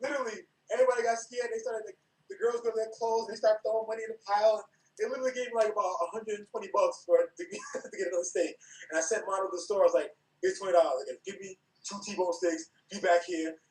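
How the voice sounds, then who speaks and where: A man from New York, a guest on a podcast, telling stories with laughter and acted-out quotes in a relaxed chat. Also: sits high, fast. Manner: animated, acts out quotes, laughs often. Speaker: podcast guest, former wrestler. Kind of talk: casual storytelling chat. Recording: roomy, from a distance.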